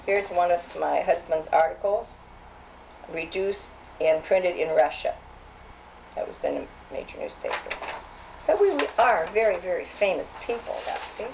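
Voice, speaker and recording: A woman's voice: on the low side, moderate pace, background noise. An older woman reminiscing as she reads old clippings aloud, chatty and hesitant, with frequent restarts. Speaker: safety program founder.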